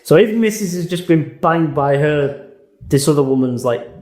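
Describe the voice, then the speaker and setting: A man talks in a loose, animated way. He recaps story after story, slips into quick impressions of the people in them, and swears freely. The sound is echoey, as if from a bare room. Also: on the high side. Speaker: podcast co-host. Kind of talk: casual chat.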